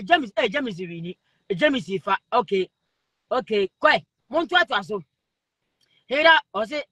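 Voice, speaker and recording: A man with a Ghanaian accent hosting a live stream, reading out viewer comments, excitable, laughing often and calling out names over and over. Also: extremely high pitch, no room sound.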